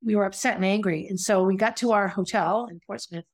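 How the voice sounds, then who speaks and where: A woman's voice: mid-range voice, a little fast. A woman telling her own story in a candid, conversational way, reflective and confessional, often restarting her sentences. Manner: conversational, with frequent restarts and asides.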